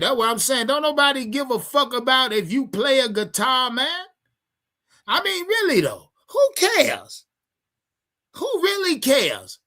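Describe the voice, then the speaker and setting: A man's voice: very high voice, sharp tone. A man ranting to his livestream chat about his football team, heated and profane, repeating himself as he talks. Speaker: sports fan streamer. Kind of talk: profane livestream sports rant.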